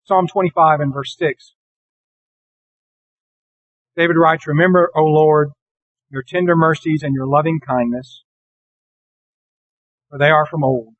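A man delivers a sermon in a fairly high voice, reading scripture slowly and earnestly. The sound is dry and close, with little room around it. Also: fairly even intonation, no echo, muffled recording. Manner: earnest, deliberate, slows for scripture. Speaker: preacher.

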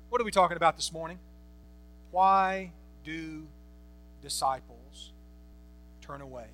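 A man's voice: a little high, unhurried, pauses often, fairly bright tone. A man preaching a Bible-teaching sermon, emphatic, repeating phrases and asking rhetorical questions. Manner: asks the congregation rhetorical questions.

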